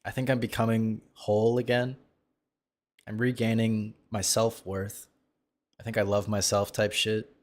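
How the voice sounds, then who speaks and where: A man with a fairly low voice, talking casually on a live stream as he reacts to a video. He is brash and foul-mouthed, mocks the video's creator, and jumps now and then into loud outbursts. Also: little pitch movement, unhurried. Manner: brash, profane and mocking, with sudden loud outbursts.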